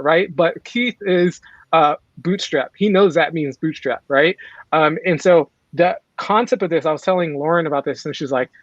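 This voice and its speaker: A man with a higher voice hosts a casual chat, upbeat and full of fillers. His sound comes through a dry, dull call line with no room to it. He reads out audience questions in a loose way. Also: a bit bright, dry recording. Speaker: host.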